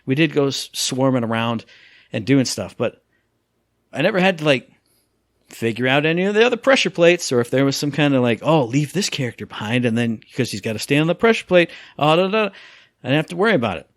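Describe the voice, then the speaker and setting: A man co-hosting a casual gaming podcast, telling stories with lively acted-out quotes and sound effects. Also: medium pitch, fast, no room sound, studio quality. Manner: animated storyteller, acts out quotes and sound effects. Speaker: podcast co-host.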